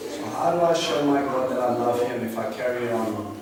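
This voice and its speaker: A man giving an earnest, animated bible teaching to a congregation and asking them questions. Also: medium pitch, moderate pace. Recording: echoey room from a distant mic, noisy.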